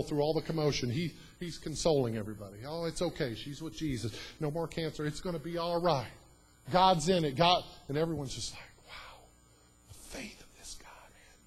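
A man preaches a story-driven sermon in a church. His voice is husky and slightly breathy, sitting at an ordinary pitch. He drops to near-whispers and then builds to loud, emphatic declarations. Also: low-quality recording.

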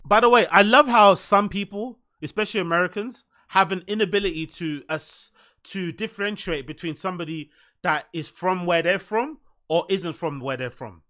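A man's voice: high voice, normal speed, bright, forceful tone. A man with a London accent giving blunt, sarcastic reaction commentary. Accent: London English. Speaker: commentary streamer.

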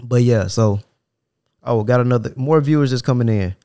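Medium in pitch and dark in tone, this young adult man keeps a moderate pace as he hosts a solo podcast in an African American Vernacular English accent. He rambles casually and profanely, frequently dropping "you know what I'm saying." The studio-quality audio has no echo.

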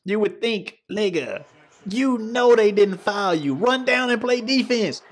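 Male reaction host, high and very animated, profane mocking trash talk, hoarse from yelling. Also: measured pace. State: hoarse, losing his voice. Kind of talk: casual reaction commentary.

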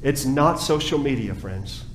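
A man preaching a sermon as pastor, passionate, dropping to a hush and then rising again. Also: mid-range voice, lively intonation, a little slow, echoey room, low-quality recording. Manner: impassioned preaching, swings from hushed to raised. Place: church sanctuary.

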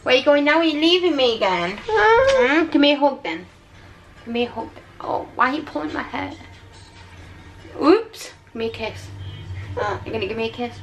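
A woman's voice: high voice, big pitch swings, fairly quick, fairly bright tone, faint music behind. A woman, a mother, talking in coaxing, giggly baby talk to her toddler in a small playroom crowded with toys. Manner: sing-song, coaxing, giggly.

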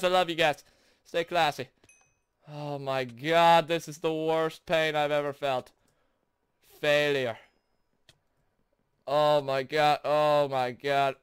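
A young man hosting a gaming video, commentating his own play in frustration, shouting and groaning between sarcastic mutters. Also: a little high, fairly even intonation, slow pace, pauses often, clear, resonant tone, no echo. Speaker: gaming channel host. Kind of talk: raging let's play commentary.

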